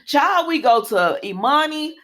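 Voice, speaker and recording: Lively, chatty woman recapping soaps. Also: sits high, a little slow. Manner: animated and chatty, talks straight to viewers. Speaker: soap opera recap host. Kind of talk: casual chat recap.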